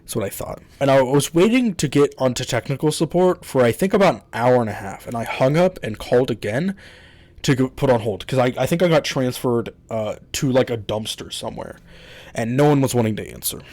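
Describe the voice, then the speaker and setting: A man's voice: mid-range voice, animated, fairly quick, a little mellow, no room sound. Exasperated man ranting on a vlog. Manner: exasperated, swears often, rambling with restarts. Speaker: YouTuber. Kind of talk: casual storytelling rant.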